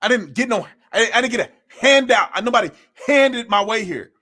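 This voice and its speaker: A man with a fairly high voice scolds his listeners in a blunt, impassioned monologue. He hammers each point home with a preacher's cadence, repeating phrases. He sounds like a young adult. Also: animated, brisk, pushed and bright. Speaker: commentator hosting his own show.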